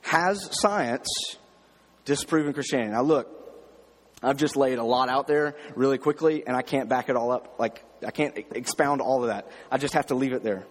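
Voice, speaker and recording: A man's voice: mid-range voice, moderate pace, long reverb tail. A man preaching a sermon, emphatic, repeating his phrases and asking rhetorical questions. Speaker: pastor.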